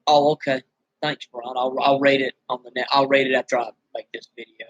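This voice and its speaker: A man's voice: medium pitch, level tone, brisk, fairly bright tone, no room sound, muffled recording. Weary, bitter man venting, dry room. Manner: weary, bitter and rambling, with many restarts. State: dry-throated after screaming. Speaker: vlogger. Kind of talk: venting straight to camera.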